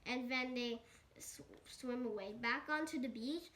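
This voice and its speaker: A child storyteller making up a rambling story with lots of restarts and "and then.". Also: female voice, on the high side, a little slow, a bit bright. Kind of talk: improvised kid's story.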